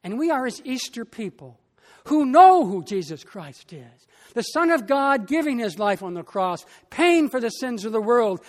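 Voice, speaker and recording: Pastor giving a sermon, slow and emphatic, mid-pitched voice, lots of reverb. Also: fairly bright tone. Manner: slow, emphatic preaching with long pauses.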